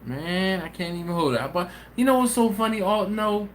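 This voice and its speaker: A man's voice: sits high, a little fast, slight background noise. A man hosting a live stream, casually chatting and reading viewer comments aloud, telling stories with slang and frequent laughter. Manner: laughs often, animated storytelling, slangy. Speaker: host of a barbecue channel live stream.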